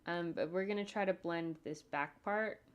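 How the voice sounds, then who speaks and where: Streaming her animation work from home, a woman talks to viewers in a fairly low, smooth voice at normal speed. She's chatty and rambling, thinking aloud as she goes.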